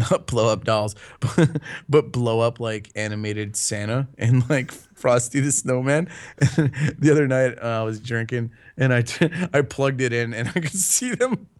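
A young man talks in a loose, rambling way, swearing freely and breaking into laughter. His voice sits at an ordinary middle pitch for a man. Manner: rambling, profane, laughs often. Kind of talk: casual chat.

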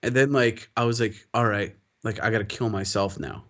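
A young man co-hosting a podcast, telling stories in a profane, animated way and laughing often. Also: fairly low pitch, moderate pace. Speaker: podcast co-host. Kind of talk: casual chat.

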